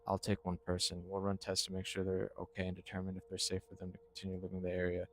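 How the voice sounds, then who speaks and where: A man voicing a male government agent who speaks quickly in a flat, officious way. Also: low-pitched, slight background noise. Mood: official.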